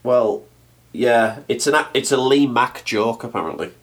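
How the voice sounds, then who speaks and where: A man's voice: medium pitch, unhurried. A man co-hosting a podcast in casual chat, rambling and correcting himself. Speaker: podcast co-host and blogger.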